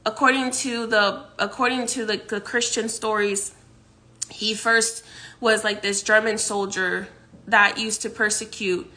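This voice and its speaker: Bright-voiced woman telling a story casually. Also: mid-range voice, steady tone, a little slow. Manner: rambling, many fillers and restarts, laughs often. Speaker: psychic vlogger.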